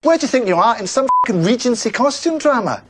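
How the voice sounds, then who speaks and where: A woman's voice: a little high, big pitch swings, quick pace, noisy background. An actress playing a furious Scottish woman government official who scolds and swears.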